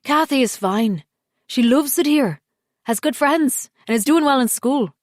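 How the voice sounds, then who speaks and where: A woman voicing a defensive, dismissive husband who brushes off his wife's accusations, speaking louder and brighter than her narration. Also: high-pitched, animated, measured pace, dry recording, studio quality, voice pushed up. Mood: coaxing.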